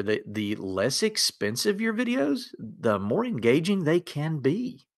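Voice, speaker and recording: A man with a lower Appalachian accent giving an upbeat webinar presentation in a folksy, self-deprecating way. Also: a bit bright. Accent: Southern US, lower Appalachian. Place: converted home bedroom studio.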